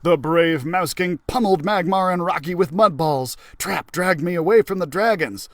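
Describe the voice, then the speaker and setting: A man who works as a librarian, reading a children's story aloud in an expressive, animated way. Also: high-pitched, moderate pace.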